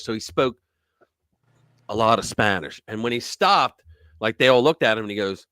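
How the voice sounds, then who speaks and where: Guy hosting a live stream, bright lively voice, dry close sound, jokey casual chat. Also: on the low side, brisk, no echo. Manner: animated, joking, reads articles aloud.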